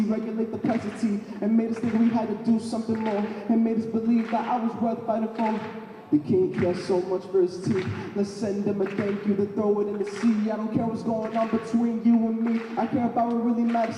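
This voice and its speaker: Teen rapper, high pitch, call-and-response, distant reverberant hall. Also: male voice, dark tone. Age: teens. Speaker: student performer. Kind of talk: rap performance. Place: large opera house stage. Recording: echoey hall from far off, noisy.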